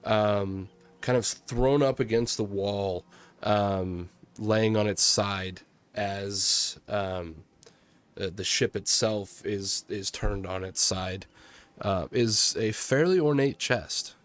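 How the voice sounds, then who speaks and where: A man running a tabletop game as game master, narrating slowly with many ums and restarts. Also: fairly low pitch.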